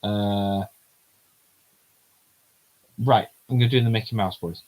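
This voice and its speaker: A man's voice: fairly low pitch, normal speed, pauses often, a little mellow, rough recording. A man streaming himself reading a manga aloud, chatty and giggly, in casual commentary.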